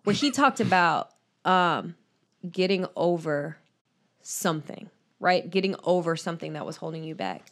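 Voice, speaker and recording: A woman co-hosting a casual podcast, candid and quick to laugh, swearing freely as she gives advice. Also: lowish voice, big pitch swings, a bit bright. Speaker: podcast co-host.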